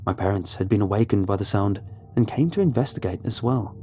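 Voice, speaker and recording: A man narrating a horror story in a measured, suspenseful way. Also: lowish voice, warm tone. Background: faint music.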